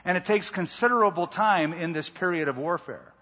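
A man preaching a sermon, reading scripture and breaking off into lively, conversational asides. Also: high voice, brisk. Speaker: pastor. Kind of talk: expository sermon. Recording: dull lo-fi sound with long hall reverb.

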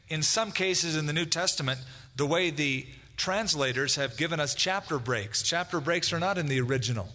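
A man's voice: fairly high pitch, sharp tone. A man preaching a conversational sermon as pastor, acting out quoted dialogue. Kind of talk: expository sermon. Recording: long hall reverb.

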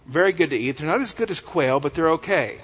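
Man, pastor, folksy and animated, slightly high voice, echoey church hall, dull sound. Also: quick pace, husky. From West Texas. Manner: animated, folksy, acts out dialogue with humor. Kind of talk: sermon.

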